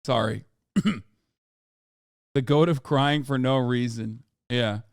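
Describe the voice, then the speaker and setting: A man's voice: medium pitch, slow pace, smooth, no room sound, studio quality. A man streaming casual reaction commentary, sarcastic and profane, rambling as he riffs.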